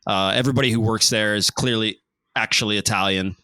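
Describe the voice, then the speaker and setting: A man's voice: fairly low pitch, fairly even intonation, brisk, bright, forceful tone, no room sound. A man hosting a podcast, telling a rambling story in casual chat and laughing often. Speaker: podcast host.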